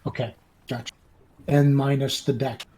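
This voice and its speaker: A man playing a tabletop game, talking haltingly and often clearing his throat. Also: mid-range voice, little pitch movement, a little mellow. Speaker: player.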